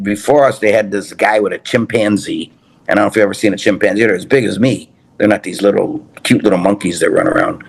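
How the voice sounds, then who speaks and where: A man's voice: fairly low pitch, creaky, husky. Older man telling rambling stories. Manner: rambling storyteller, repeats phrases, many restarts. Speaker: guest, TV personality. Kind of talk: casual chat, rambling anecdotes.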